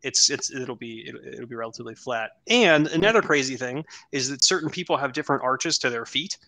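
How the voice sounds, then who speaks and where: A man's voice: medium pitch, lively intonation, fairly quick, bright, forceful tone. A man co-hosting a casual chat, reviewing lifting form with joking asides and lots of restarts. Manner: chatty, joking, many fillers and restarts. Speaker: strength coach co-host.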